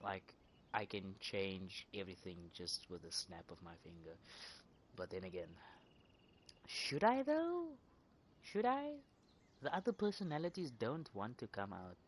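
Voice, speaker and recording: A woman's voice: rumbling low, lively intonation, moderate pace, pauses often, slight background noise. A woman streaming a game, cracking profane jokes and ranting in mock outrage at the characters. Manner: profane, joking, mock-indignant; rambling with repeated words. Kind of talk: casual gaming commentary.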